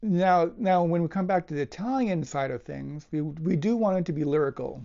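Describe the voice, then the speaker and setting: A man teaching a piece of music, talking it through thoughtfully with pauses and restarts as he demonstrates it. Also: on the high side, creaky, dark tone. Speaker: cellist teacher. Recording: dull lo-fi with cello playing. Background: cello phrases between remarks.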